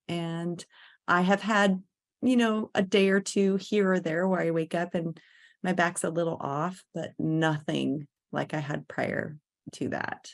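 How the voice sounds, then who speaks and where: A woman's voice: on the low side, steady tone, a little slow, vocal fry. A woman guest in an interview, telling a personal story in a candid, earnest way.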